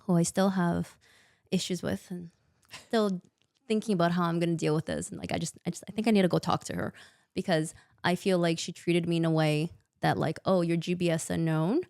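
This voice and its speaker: A young woman with a lowish, gravelly voice recounts her experience as a podcast guest. She is a maternity nurse who talks candidly and with emphasis, slipping into quoted dialogue. The sound is close and dry. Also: steady tone, brisk, darkish tone, no room sound. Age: young adult. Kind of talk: candid conversational storytelling.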